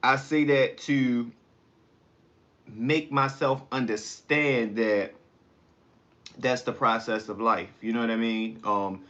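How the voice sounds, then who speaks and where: A man's voice: medium pitch, fairly even intonation, slow, pauses often, a bit bright, dull audio. Man chatting to his live viewers. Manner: talks to viewers' comments, rambling and blunt. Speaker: livestream host. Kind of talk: casual live-stream chat while eating.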